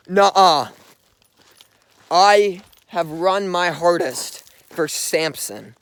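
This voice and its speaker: Young man, slightly high voice, casual rambling vlog story, outdoors on a walk. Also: fairly bright tone, smooth, no room sound. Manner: earnest, rambling, heavy use of "like". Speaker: vlogger. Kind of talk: casual storytelling while walking a dog. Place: outdoors, walking along streets.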